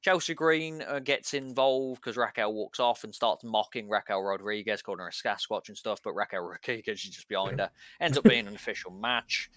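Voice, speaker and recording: A man's voice: on the low side, fairly quick, hardly any pauses, a bit bright, no room sound. A man co-hosting a podcast, casually recapping events in a rambling play-by-play with lots of filler words. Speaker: podcast co-host.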